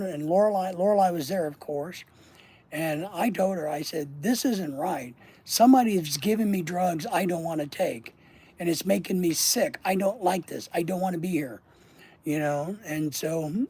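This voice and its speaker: A man's voice: high-pitched, darkish tone, breathy edge. A man hosting his channel and telling a long personal story in a casual, rambling way, swearing and trailing off mid-sentence. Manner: rambling, profane, often trails off. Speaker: channel host.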